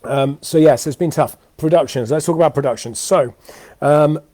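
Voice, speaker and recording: A man's voice: a little high, moderate pace, dark tone, no echo. Worn-out man rambling live from home. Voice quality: tired, rambling with many fillers and restarts. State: exhausted. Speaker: host of a weekly live show. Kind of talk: unscripted live-stream chat. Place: home, indoors. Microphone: webcam or computer mic for a live video.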